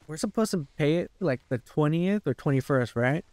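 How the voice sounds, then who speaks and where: A man's voice: on the high side, lively intonation, a little mellow, no room sound. Young man ranting, full of "like". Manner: rambling, frustrated, swears a lot, fills every pause with "like". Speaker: gaming YouTuber. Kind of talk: casual rant while playing.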